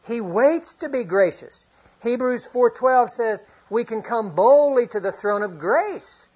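A middle-aged man preaching a sermon, earnest, reading scripture often and swinging from loud to hushed. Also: high-pitched, slightly rough. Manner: reads scripture aloud often. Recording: dull lo-fi recording.

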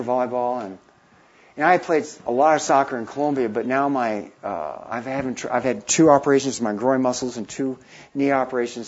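A missionary in his fifties tells an animated anecdote, acting out the voices of the people in it. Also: medium pitch, breathy edge, muffled recording. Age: 50s. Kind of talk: storytelling talk.

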